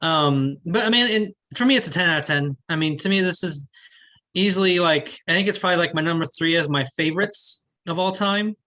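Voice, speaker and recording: A man's voice: fairly high pitch, brisk, bright, forceful tone. A man hosting a casual film review chat, talking enthusiastically and often saying "to me". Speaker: film review show host.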